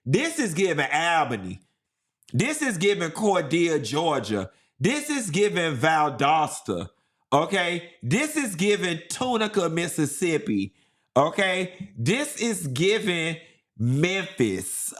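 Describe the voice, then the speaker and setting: Sassy man doing live gossip commentary. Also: high voice. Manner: sassy, animated, repeating for emphasis. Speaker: livestream host.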